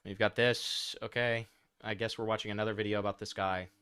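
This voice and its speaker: Weary male streamer, low-key and dismissive, bright clean tone, no room sound. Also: level tone, a little fast, clean tone, no echo. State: tired. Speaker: streamer reacting to a video. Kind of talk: casual stream commentary.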